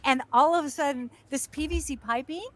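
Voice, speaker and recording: A woman, a guest actress and stuntwoman, telling animated stories and acting out shouts and screams with frequent laughter. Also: sits high, a little fast, a crowd in the background. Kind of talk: animated storytelling.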